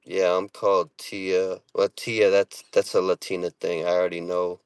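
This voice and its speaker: A man's voice: low voice, level tone, normal speed, clean tone, no echo. A middle-aged man with a Boston accent, hosting a casual livestream, reading viewer comments aloud and talking in a streetwise, profane way. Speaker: livestream host.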